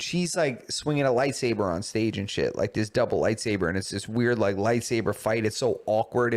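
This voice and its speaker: A man co-hosting a podcast, speaking bluntly and jokingly with plenty of slang. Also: medium pitch. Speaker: podcast co-host. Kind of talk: casual chat.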